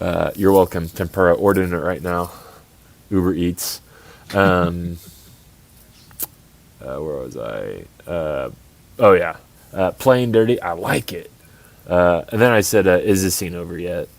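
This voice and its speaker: Deep voiced guy on a podcast, rambly and snarky. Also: takes it slowly, vocal fry, long pauses. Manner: rambling, mocking, restarts a lot. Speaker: podcast co-host. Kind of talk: casual chat.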